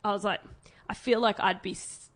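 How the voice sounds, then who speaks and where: A woman's voice: medium pitch, normal speed. A woman, telling a long story in a casual podcast chat and acting out what people said. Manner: animated storyteller, acts out quotes. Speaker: podcast co-host.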